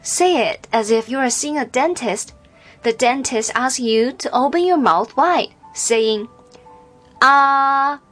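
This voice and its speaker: A woman's voice: a little high, animated, measured pace, faint music behind. A woman teaching pronunciation in a scripted language lesson, modeling sounds with careful, exaggerated drills.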